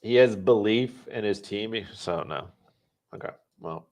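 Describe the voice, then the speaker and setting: A fairly low-pitched man hosts a live stream. He thinks aloud as he plays a trivia game and chats to his viewers in a relaxed, offhand way. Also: measured pace. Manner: talks to chat. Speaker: podcast host.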